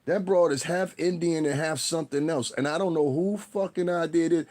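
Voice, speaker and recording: This livestreamer's voice is fairly high with a darkish tone, and he speaks fairly quickly. His profane rant rambles straight at the audience, combative and full of swearing.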